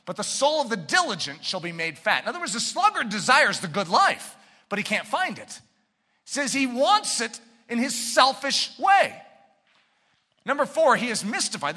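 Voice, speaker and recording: A man preaching a sermon with fervent delivery, swinging between shouted points and quiet asides. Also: sits high, in a large hall.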